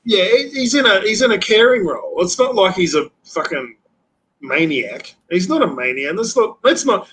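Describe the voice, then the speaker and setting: Man, live-stream host, blunt, swears, halting, slightly high voice. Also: expressive, fairly bright tone, poor audio. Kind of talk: casual chat.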